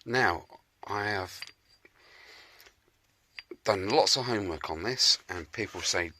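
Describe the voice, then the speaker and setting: A man's voice: fairly low pitch, slow pace, pauses often, background noise. A man with a chatty, jokey, self-mocking manner, talking casually to camera as he works in his home shed restoring a scooter. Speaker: motorbike restoration vlogger.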